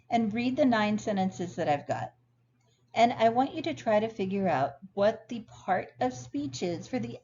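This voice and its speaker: A woman instructor explaining grammar clearly and patiently in a recorded lecture over slides. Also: mid-range voice, darkish tone. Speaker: ESL instructor. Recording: dull lo-fi sound, faint noise.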